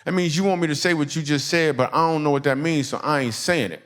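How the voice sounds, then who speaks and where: A man from Michigan doing stand-up storytelling in a church, animated and conversational, laughing through his punchlines. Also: fairly high pitch, quick pace. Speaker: comedian.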